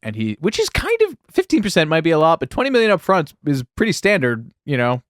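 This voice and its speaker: A man's voice: a little high, wildly swooping pitch, fast, dry recording, clean studio sound. A man co-hosting a casual podcast, reading out film history with wry, sarcastic asides. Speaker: podcast co-host.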